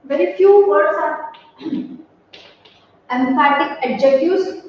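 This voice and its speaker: A high-pitched woman gives a classroom grammar lesson, drawing out each word at an unhurried pace. Her voice sounds distant, bouncing around a very echoey room with a long reverb, dull and lo-fi. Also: a little hiss or hum. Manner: slow and deliberate, repeating words for students. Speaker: teacher.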